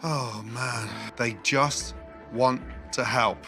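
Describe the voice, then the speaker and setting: A man's voice: mid-range voice, fairly even intonation, drawn-out words, pushed and bright, soft background music, voice pushed down. A man doing an impression of a stern middle-aged celebrity chef who answers in cold, clipped lines without flinching.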